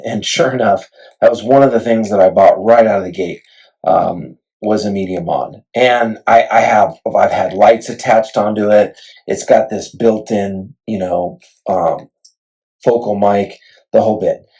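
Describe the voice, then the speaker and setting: A middle-aged man casually vlogging about camera gear, chatty and self-deprecating, retelling his excitement, on a clip-on mic. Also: lowish voice, measured pace, rough recording. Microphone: wireless clip-on mic.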